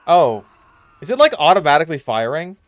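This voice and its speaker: A man's voice: fairly high pitch, sing-song, fairly quick, dry recording. Chatty young man narrating gameplay. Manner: loose, chatty, reacts loudly in bursts. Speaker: gaming YouTuber. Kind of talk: casual gameplay commentary.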